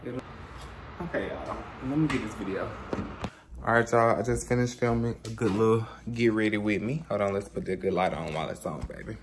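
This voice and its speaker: Sick from food poisoning and with a bitten, sore tongue, a young man talks to a camera on a tripod indoors at his apartment. His lowish voice goes a little fast over background noise as he chats animatedly, swears freely, and addresses viewers directly.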